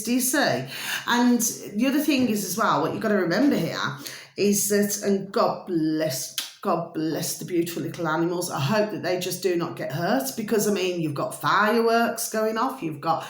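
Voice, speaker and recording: A woman's voice: mid-range voice, echoey room. A woman with a Birmingham accent chatting casually to her viewers, rambling with lots of fillers and pet names. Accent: Birmingham English. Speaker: vlogger. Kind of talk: casual talk to camera.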